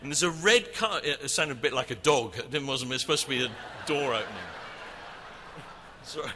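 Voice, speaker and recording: A man teaching about worship at a conference, animated as he tells a story. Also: medium pitch, a little fast, noisy background. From England. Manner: animated, acts out shouting crowd. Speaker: worship leader. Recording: reverberant hall, faint ambience.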